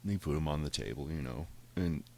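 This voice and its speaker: A man's voice: rumbling low, fast, gravelly, darkish tone, slight background noise. A man on a podcast telling a rambling, profane story in a casual way, full of swearing. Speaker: podcast host.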